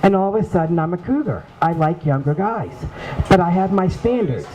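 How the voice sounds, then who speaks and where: A woman's voice: on the low side, lively intonation, a little fast, mellow, slight background noise, rough recording. A woman in a joke contest telling her single favorite joke, self-deprecating and a little sheepish.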